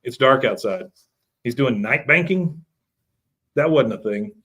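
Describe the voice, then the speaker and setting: A man's voice: medium pitch, animated, a little slow, fairly bright tone. A man co-hosting a podcast, casually retelling a cartoon episode with loose, rambling storytelling at a live recording. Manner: loose, storytelling, lots of filler. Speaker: podcast co-host.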